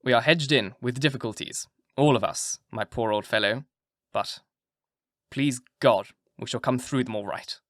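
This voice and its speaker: A man's voice: mid-range voice, normal speed, no echo, clean studio sound. Man narrating a classic audiobook. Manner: relaxed, joking intro, then steady clear reading. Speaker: audiobook narrator and channel host. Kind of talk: audiobook reading with a casual intro.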